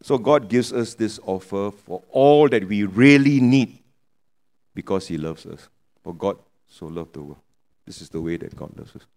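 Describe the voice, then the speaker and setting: A man's voice: lowish voice, expressive, moderate pace, darkish tone. A man from Penang preaching a sermon in a Penang English accent, chatty, with joking asides and local particles. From Penang, Malaysia.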